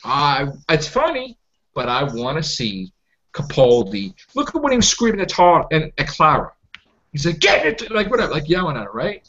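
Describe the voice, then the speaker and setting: This man hosts a casual fan podcast, ranting and swearing with strong opinions and mocking people in silly voices. His voice is fairly high and bright, very animated, at a normal speed. The audio is dull and lo-fi.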